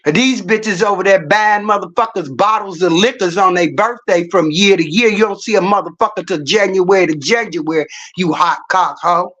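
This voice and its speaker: A woman's voice: mid-range voice, normal speed, few pauses, a bit bright, muffled recording. Blunt, profane middle-aged woman streamer. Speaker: livestreamer. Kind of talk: casual storytelling rant.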